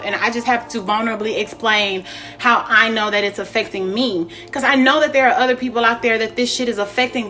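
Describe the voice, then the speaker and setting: Young woman, high voice, animated and profane, casual spiritual vlog, faint music behind. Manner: animated, swearing, laughing often. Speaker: spiritual vlogger.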